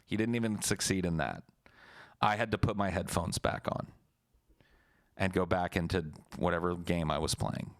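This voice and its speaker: A man's voice: deep voice, fairly bright tone, clean tone. A young man streaming, telling a story casually and talking back to his chat in a profane, blunt, laid-back way.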